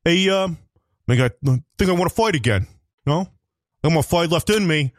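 A man's voice: a little high, expressive, moderate pace, dry recording, studio quality, voice pushed up, close to an everyday voice. A man doing a slurred, earnest impression of a stubborn aging male boxer.

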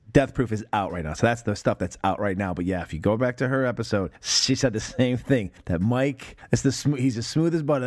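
A man hosting a casual film podcast, laughing often and swearing freely. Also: medium pitch. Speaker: podcast host.

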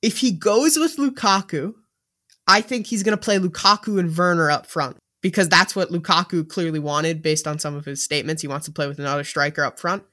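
A man co-hosting a casual sports podcast, who talks tactics in an animated, jokey way. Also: a little high, fairly quick. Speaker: podcast co-host.

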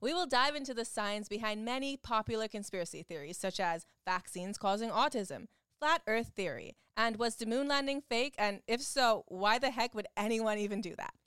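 A woman's voice: fairly high pitch, lively intonation, moderate pace, fairly bright tone, clean tone, no room sound. A woman reading a scripted podcast promo in an upbeat way. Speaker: podcast host in an ad.

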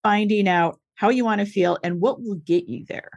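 A woman's voice: mid-range voice, darkish tone, no echo. A woman from the US Northeast hosting a casual podcast, chatty and encouraging. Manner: chatty and encouraging, with quick laughs.

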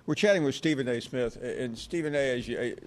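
A man's voice: medium pitch, brisk. Stammering male interview host. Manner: stumbling, repeats words while framing questions. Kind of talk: hosted interview.

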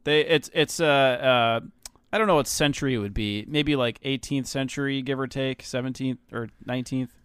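A man's voice: mid-range voice, moderate pace, a bit bright, clean tone, no echo. A man co-hosting a podcast in casual chat, rambling, swearing freely and laughing easily. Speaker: podcast co-host.

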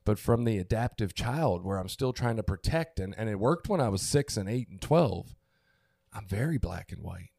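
Gravelly low-voiced man, candid and emotional. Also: lively intonation, normal speed, dark tone, no echo, clean studio sound. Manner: candid, emotional storytelling with restarts. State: tearful, emotional. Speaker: podcast co-host. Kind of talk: casual chat.

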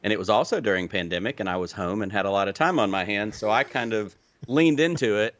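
A man in his forties with a mixed Southern US and Midwestern accent, telling his story as a podcast guest in a relaxed, clearly enunciated way. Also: fairly low pitch, fast. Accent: Southern US with a Midwestern touch. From Illinois, raised in Alabama. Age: 40s. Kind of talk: casual interview chat.

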